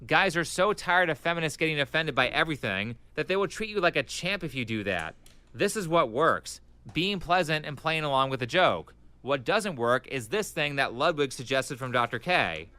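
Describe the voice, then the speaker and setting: Brief: male voice-over narrator, smooth, bright, evenly read script. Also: fairly high pitch, expressive, moderate pace, no room sound.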